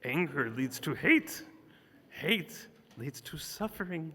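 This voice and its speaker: A man doing a tiny ancient alien sage, speaking in a slow, solemn, proverb-like cadence. The voice is bright and keen, and it rings with long reverb through a large temple sanctuary. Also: a little high, very animated, slightly rough, heavily acted. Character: tiny ancient wise alien master, male.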